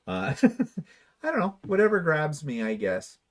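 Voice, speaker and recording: A man's voice: on the high side, very animated, normal speed. A man co-hosting a casual livestream, reading viewer comments aloud and answering them with dry, wry humor. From Canada. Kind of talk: casual chat.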